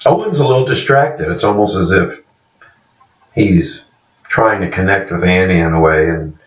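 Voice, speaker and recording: A man with a very low voice casually recaps TV episodes, rambling and restarting his sentences and laughing along the way. He sounds distant from the mic in an echoey room, and the recording is dull and muffled. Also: lively intonation, normal speed. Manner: rambling, with frequent fillers and restarts, laughing often. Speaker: TV series reviewer.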